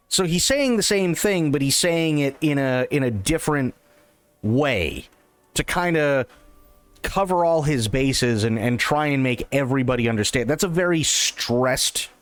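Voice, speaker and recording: There's no room sound around this man's mid-range voice. He hosts a livestream, giving loose reaction commentary on an interview while repeating himself and stumbling through restarts.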